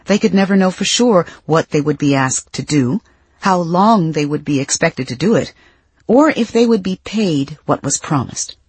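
Woman narrator, husky voice, dry close studio sound, measured expressive reading. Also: deep voice, no room sound. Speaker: audiobook narrator. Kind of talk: scripted nonfiction narration.

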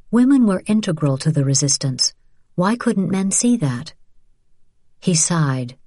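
A woman narrating an audiobook in a low, dark voice, measured and steady. The sound is dry and close, with no room around it. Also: slightly rough, no room sound. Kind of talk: scripted narration.

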